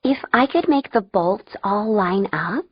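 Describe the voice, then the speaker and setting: A woman voicing an excitable, chatty teenage girl in an audiobook. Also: medium pitch, unhurried, husky, no room sound, lo-fi sound, pitched above the performer's own voice. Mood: tentative.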